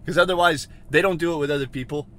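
A man hosting a solo podcast from inside a car, rambling and questioning himself, swinging from mutters to shouts. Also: a little high, quick pace. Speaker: podcast host.

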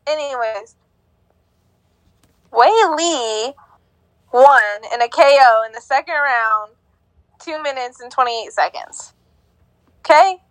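High-pitched giggly woman, unhurried. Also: no echo, rough recording. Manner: giggly, stumbling over names. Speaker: co-host. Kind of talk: casual podcast chat.

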